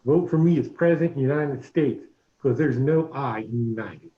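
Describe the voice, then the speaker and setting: A man's voice: medium pitch, moderate pace, slight background noise, natural voice. A man playing a boastful, self-obsessed male animal-park owner, reading a murder-mystery party script over a video call. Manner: bragging, grandiose. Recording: muffled, echoey video call audio.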